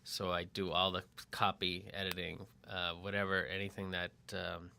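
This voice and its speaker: Bright-voiced lively podcast guy. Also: low-pitched, normal speed, vocal fry, a little hiss or hum. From Lexington, Massachusetts. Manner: animated, self-deprecating, many restarts. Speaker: podcast co-host, marketing writer. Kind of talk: casual podcast chat. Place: home barn studio.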